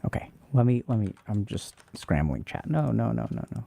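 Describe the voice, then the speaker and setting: A man's voice: fairly low pitch, sing-song, normal speed, vocal fry, dark tone. A man hosting a casual livestream, reading out and answering chat questions in a loose, rambling way.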